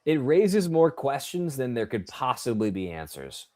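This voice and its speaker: A man's voice: mid-range voice, big pitch swings, normal speed, a little mellow, no room sound. A man co-hosting a live tennis watchalong, mixing jokey asides with casual play-by-play. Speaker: watchalong co-host and commentator.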